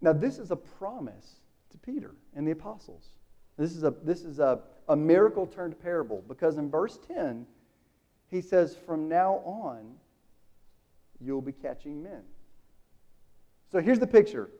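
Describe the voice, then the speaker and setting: A man preaching a sermon, casual and animated, acting out the dialogue in the story. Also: fairly high pitch, normal speed.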